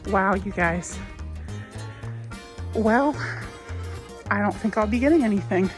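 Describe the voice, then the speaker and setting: A woman vlogging casually while she walks through a craft store on her phone, chatty and a little wistful, with soft laughs now and then. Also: medium pitch, slow pace, faint music behind. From United States. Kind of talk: casual shopping vlog chat. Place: inside a large craft store. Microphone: phone held while walking.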